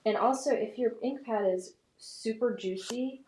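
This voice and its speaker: A woman's voice: fairly high pitch, measured pace, warm tone, poor audio. A woman chatting casually beside the host, friendly and offering crafting tips and suggestions. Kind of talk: casual chat.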